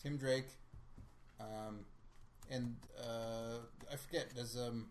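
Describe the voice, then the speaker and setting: A woman's voice: very deep voice, steady tone, takes it slowly, a little mellow. A woman in comedy podcast banter, talking hesitantly with many fillers.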